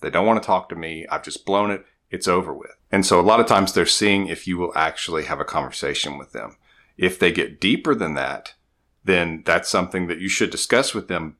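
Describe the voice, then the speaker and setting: A middle-aged man, a relationship coach, explaining things to the camera in a calm, steady advice monologue. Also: sits low.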